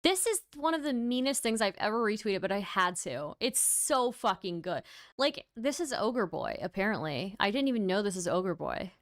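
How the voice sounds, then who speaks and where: A woman's voice: mid-range voice, very animated, moderate pace, no room sound, studio quality. A woman hosting a livestream in casual chat, wry and tired, laughing at her own jokes and thanking viewers for donations. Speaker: livestream host.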